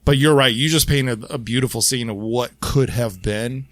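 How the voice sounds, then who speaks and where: A man co-hosting a casual podcast, talking in a relaxed, agreeable way. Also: medium pitch, normal speed, no echo. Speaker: podcast co-host.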